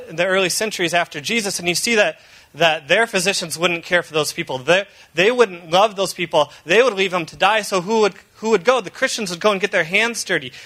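A man's voice: high voice, bright, forceful tone. A man in his thirties, a pastor giving an earnest, conversational sermon. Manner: earnest and conversational, with frequent fillers and restarts.

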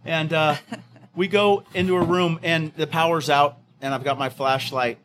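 A man's voice: fairly high pitch, moderate pace, background noise. A middle-aged man, a fire captain, recounting an evacuation with many fillers and restarts, sometimes acting out the voices of others. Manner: acts out quoted voices of others.

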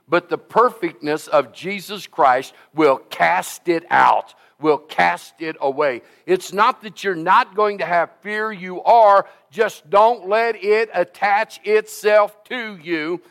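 A man preaching a sermon, telling stories in an animated, folksy and emphatic way. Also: sits high, vocal fry. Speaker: pastor.

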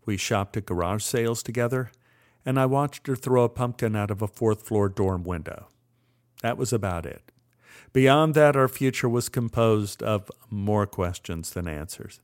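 A man's voice: on the low side, normal speed. An older man recounting a memory with wry, dry humor. He tells it as a storyteller would, with an easy, conversational flow. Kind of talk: personal storytelling monologue.

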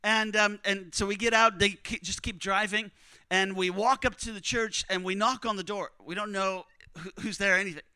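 A man preaching, telling a story in a conversational, animated way and acting out what others said. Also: high voice, normal speed, clean tone, no room sound. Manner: animated, conversational, acts out quotes. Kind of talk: sermon storytelling.

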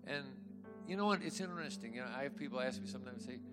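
An older man preaching a sermon as a pastor, swinging from quiet talk to emphatic shouts. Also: mid-range voice, racing. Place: church. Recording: echoey hall with faint music.

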